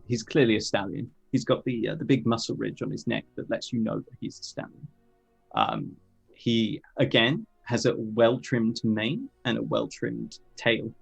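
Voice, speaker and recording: A man describes his character in a tabletop game in halting phrases broken by frequent ums. His fairly low voice is gravelly and husky. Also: poor audio. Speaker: player.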